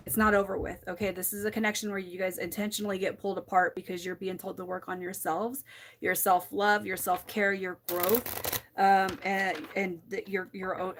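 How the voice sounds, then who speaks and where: A woman giving a live tarot reading to viewers, candid and emotional, swearing freely and restarting her sentences, close to tears. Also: medium pitch. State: teary, close to crying. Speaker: tarot reader on a livestream.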